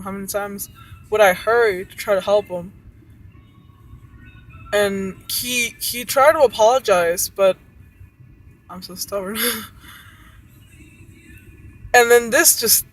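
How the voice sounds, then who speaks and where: A woman's voice: mid-range voice, rough recording. A woman who works as a cook, frustratedly venting about her job and swearing often.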